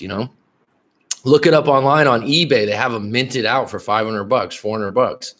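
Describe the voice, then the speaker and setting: A man's voice: medium pitch, moderate pace, a bit bright. A middle-aged man talks through a casual dating-coaching livestream in a blunt, profane way. He rambles, restarts his sentences and calls out to viewers in the chat by name.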